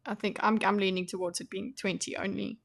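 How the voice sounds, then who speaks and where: A woman's voice: medium pitch, steady tone, fairly quick, creaky, a bit bright. A woman co-hosting a podcast readthrough, chatting casually about the story and laughing easily. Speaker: co-host of a book readthrough. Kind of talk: casual chat.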